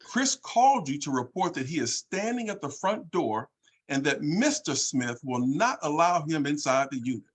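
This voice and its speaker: Husky, animated male podcast host. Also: on the high side, normal speed. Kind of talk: reading a scenario aloud.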